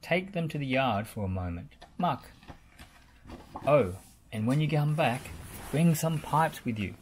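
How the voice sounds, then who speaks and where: A woman reading aloud, voicing a cheerful, steady male cartoon builder in a slightly raised storybook voice. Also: a bass voice, a little slow, slight background noise.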